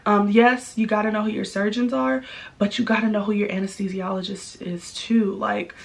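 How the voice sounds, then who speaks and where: Young woman, vlogger type, candid conversational storyteller with lots of filler words, mid-pitched. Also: fairly even intonation, moderate pace, creaky. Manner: chatty and candid, many likes and ums. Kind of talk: casual storytelling vlog.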